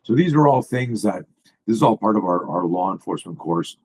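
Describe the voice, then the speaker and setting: A fairly low, husky male voice comes through a video call. He is a self-defense coach walking listeners through his slides, blunt and salty, explaining with animated energy. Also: fairly quick, rough recording.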